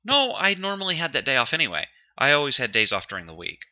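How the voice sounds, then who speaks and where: A man's voice: mid-range voice, very animated, fast, bright, forceful tone. A man co-hosting a casual chat show, telling a story, laughing often and getting defensive when teased. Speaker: podcast co-host. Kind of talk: casual banter. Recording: dull lo-fi sound.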